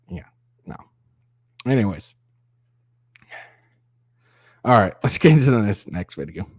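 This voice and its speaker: A man's voice: fairly low pitch, husky, no room sound, studio quality. A man hosting a reaction commentary show, talking sarcastically and swearing as he mocks what he is reacting to. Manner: mocking, profane, mimics voices. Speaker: commentary channel host.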